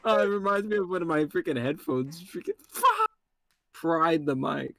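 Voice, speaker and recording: Lively, rambling streamer guy. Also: on the high side, moderate pace, gravelly, no echo. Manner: rambling, swears, jokes with a friend. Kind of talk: casual live-stream chat.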